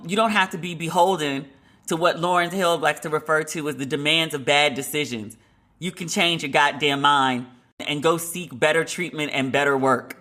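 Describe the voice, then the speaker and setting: A woman podcast host giving a casual, animated commentary monologue, laughing and emphatic as she talks. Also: sits low, moderate pace.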